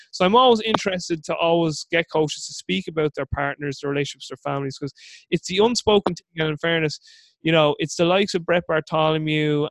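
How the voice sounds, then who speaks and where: A man hosting an interview at a rapid clip, his voice sitting a little high for a man. He rambles through long stories in a lively way. The sound is dry and close. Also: no room sound. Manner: rambling, animated, full of acted-out inner voices. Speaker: podcast host. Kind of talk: casual interview chat.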